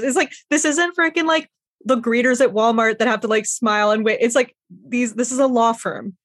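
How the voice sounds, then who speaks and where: A young adult woman hosts a podcast in loose, chatty talk, riffing back at her guest with plenty of "like". Her voice sits slightly high and sounds dry and close. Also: fairly even intonation, normal speed, dry recording. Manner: chatty, reactive, frequent "like". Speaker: podcast host. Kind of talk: casual podcast chat.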